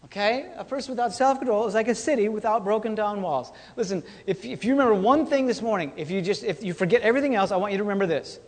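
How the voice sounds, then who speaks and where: High-voiced pastor in a reverberant hall. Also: male voice, fast talker, hardly any pauses. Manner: conversational, repeats key lines, frequent "okay?" and "all right?". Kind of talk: casual sermon. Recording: long reverb of a church hall.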